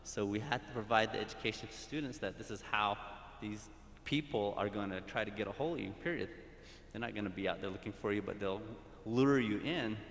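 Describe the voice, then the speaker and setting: A man with a lowish voice speaks earnestly from the floor of a community forum, circling back over his words as he makes his point. The sound is roomy and echoey, with a long hall reverb. A faint rumble sits underneath. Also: brisk. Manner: earnest, repeats and restarts phrases. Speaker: school counseling official. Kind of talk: audience comment at a community forum. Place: large hall.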